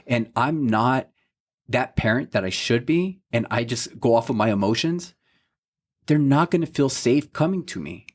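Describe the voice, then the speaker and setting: Sounding animated at a normal pace with a medium-pitched voice, a man in his thirties co-hosting a faith podcast shares an earnest, heartfelt story about his son. He quotes what each person said and often says "you know what I mean" in this casual chat.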